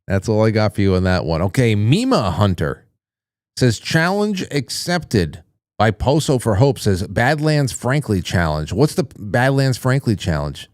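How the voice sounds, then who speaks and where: Male call-in host with a low-set voice, casual and joking, close dry mic. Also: unhurried, no room sound. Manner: chatty, jokey, animated when reacting. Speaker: radio show host. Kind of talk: casual call-in show, reading viewer messages.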